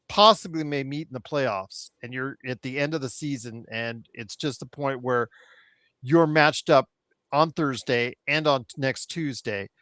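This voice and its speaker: A man's voice: a little high, fairly bright tone, no echo. A man hosting a casual sports talk show, asking long, rambling questions with lots of hedging. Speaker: podcast host.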